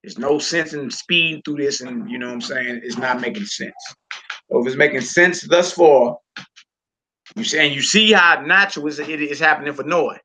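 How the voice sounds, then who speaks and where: Gravelly bright-voiced man teaching. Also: fairly high pitch, rough recording. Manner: casual, repeats words, drills syllables slowly. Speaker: Hebrew teacher. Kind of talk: live-streamed lesson.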